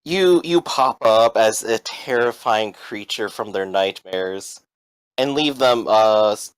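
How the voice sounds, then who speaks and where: A man running a tabletop game as game master, talking in a relaxed, hesitant way. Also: on the low side, slow, smooth, no echo, poor audio.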